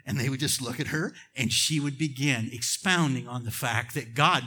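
A middle-aged man preaching a sermon, telling a personal story in a hushed voice, then building to loud, emphatic preaching. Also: medium pitch, moderate pace, few pauses, husky. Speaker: pastor.

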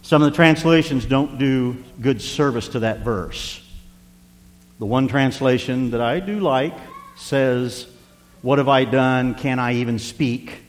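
A man's voice: mid-range voice, measured pace, long reverb tail. A middle-aged male pastor preaching a sermon, emphatic and repetitive, reading scripture aloud.

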